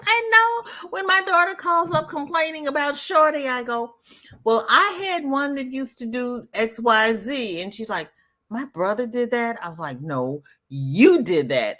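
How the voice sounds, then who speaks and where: A woman's voice: fairly high pitch, animated, a little slow, sharp tone. Sassy older woman chatting on a livestream. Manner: sassy, emphatic, repeats herself. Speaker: livestream host. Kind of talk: casual chat with live viewers.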